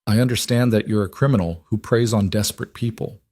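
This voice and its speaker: A man's voice: fairly low pitch, fairly quick, a little mellow, no echo, clean studio sound, natural voice. A man voicing a defiant, angry young woman who talks back sharply.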